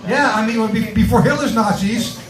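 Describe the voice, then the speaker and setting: A man from Connecticut doing a stand-up comedy set, with a halting, filler-heavy delivery. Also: very high-pitched, roomy sound, music in the background, rough recording. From Connecticut, USA. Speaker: stand-up comic.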